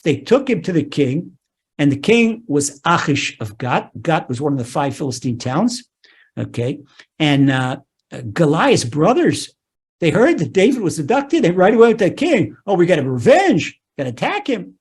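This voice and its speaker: A man teaching as a rabbi, telling a scripture story in an animated way, restarting phrases and saying "okay" often. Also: fairly high pitch, moderate pace, slightly rough.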